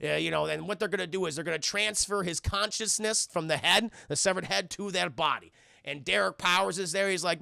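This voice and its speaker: A man's voice: high-pitched, fairly quick, vocal fry, sharp tone, dry recording, studio quality. A man reviewing a cartoon on a live stream, rambling and profane and constantly addressing his chat. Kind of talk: live-stream episode recap.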